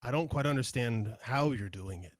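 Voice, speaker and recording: A man voicing a calm male leader who tries to soothe a tense group in a measured way. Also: medium pitch, no room sound, clean studio sound, natural voice. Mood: placating. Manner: measured, placating.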